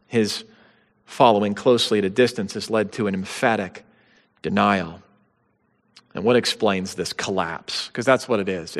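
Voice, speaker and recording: Male pastor, sermon delivery, earnest and emphatic, middle pitch, long hall reverb. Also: fairly bright tone. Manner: earnest, emphatic preaching with rising stresses.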